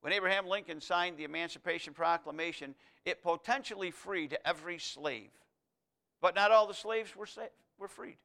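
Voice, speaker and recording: A man delivers a sermon in a high-pitched, bright voice. He swings between loud, emphatic proclamation and soft, close asides to the congregation. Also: moderate pace, creaky. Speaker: preacher.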